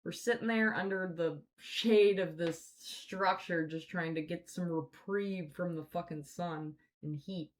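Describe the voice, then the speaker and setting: A woman's voice: fairly low pitch, fairly even intonation, measured pace, hardly any pauses, slight background noise. A woman hosting a podcast, telling stories in a casual, rambling way full of swearing and fillers. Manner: rambling, profane, filler-heavy. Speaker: podcast host. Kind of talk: casual storytelling chat.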